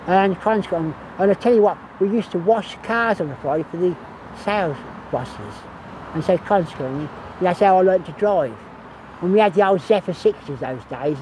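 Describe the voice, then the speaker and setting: A man's voice: fairly high pitch, a little mellow, a little hiss or hum, poor audio. Older man, rambling reminiscence. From England. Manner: rambling, repeats "so consequently". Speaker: hospital gardener. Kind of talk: casual reminiscing. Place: outdoors on hospital grounds.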